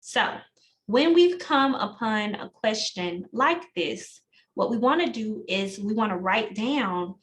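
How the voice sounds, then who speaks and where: A woman's voice: medium pitch, animated, measured pace, a bit bright, a little hiss or hum, low-quality recording. A woman leading an online test-prep class over a video call, calling on students by name and walking through answers. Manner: encouraging, calls on students by name. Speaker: instructor.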